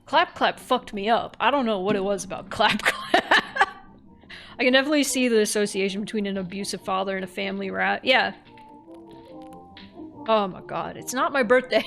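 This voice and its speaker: A woman's voice: medium pitch, moderate pace, creaky, fairly bright tone, faint music behind. A woman streamer giving candid, casual commentary on a horror game, thinking aloud and swearing freely.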